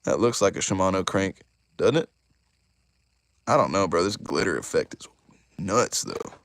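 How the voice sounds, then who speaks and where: A young man hosting a casual live stream, excitable and chatty, talking straight to his chat. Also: sits low, moderate pace, no echo. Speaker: YouTuber host of a live stream.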